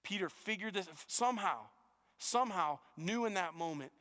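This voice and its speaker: Male pastor, fairly high voice, earnest sermon delivery with stammered restarts, heard with long church-hall reverb. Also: normal speed, a bit bright, clear, resonant tone. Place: church auditorium.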